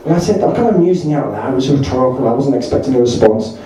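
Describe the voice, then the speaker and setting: A man's voice: mid-range voice, animated, fast, background noise. A man, doing rambling stand-up anecdotes at a party. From Essex, England. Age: 40s. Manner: rambling, chatty, self-correcting. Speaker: stand-up comedian. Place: large hall. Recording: echoey hall, far from the mic, crowd.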